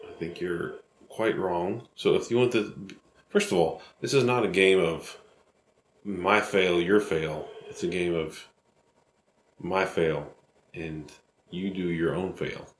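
A young adult man co-hosting a podcast, bickering casually, sarcastic and defensive in quick bursts. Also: sits low. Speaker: podcast co-host. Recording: roomy home recording, faint hiss.

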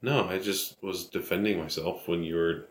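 A young adult man co-hosting a podcast, bickering casually, sarcastic and defensive in quick bursts. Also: low-pitched, fairly even intonation. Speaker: podcast co-host. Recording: roomy home recording, faint hiss.

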